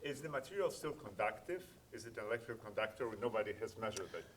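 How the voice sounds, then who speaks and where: Brief: man hosting the audience Q&A, low voice, polite, hesitant phrasing. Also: animated, quick pace, a bit bright, slight background noise. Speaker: moderator of the question session. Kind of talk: running a lecture Q&A.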